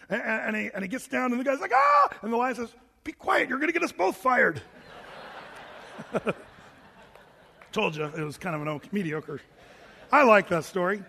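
High-voiced preacher in an echoing hall. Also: male voice. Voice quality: animated storyteller, lively and chatty. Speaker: pastor teaching a Bible study. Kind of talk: conversational verse-by-verse sermon.

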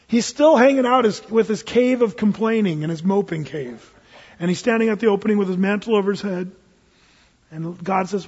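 A male pastor preaching a sermon, animated, acting out characters from scripture with big swings in pitch and loudness. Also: brisk, slightly rough. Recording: muffled recording with long hall reverb.

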